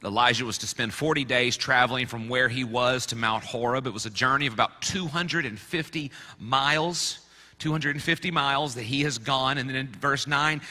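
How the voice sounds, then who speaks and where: A man's voice: medium pitch, bright, forceful tone, long reverb tail. A man preaching a sermon as pastor, conversational with playful asides. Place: church sanctuary.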